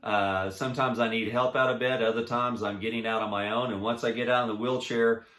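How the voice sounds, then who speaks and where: A man giving a personal inspirational talk. He speaks earnestly and haltingly, restarting often, and swings between soft and emphatic. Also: medium pitch, steady tone, echoey room. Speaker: motivational speaker.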